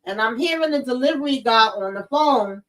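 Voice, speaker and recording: Woman vlogging, swearing n animated, talking to her viewers like friends, kinda far from the mic. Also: a little high, brisk. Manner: expressive, profane, addresses viewers as child and y'all. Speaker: vlog host talking to live viewers. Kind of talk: casual storytelling.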